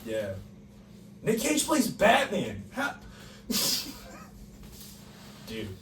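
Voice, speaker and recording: A young man co-hosting a casual podcast, reading quiz questions in a teasing, animated way and laughing often. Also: medium pitch, moderate pace. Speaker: podcast co-host, quiz reader. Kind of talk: casual chat. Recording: echoey room, distant mic, faint noise.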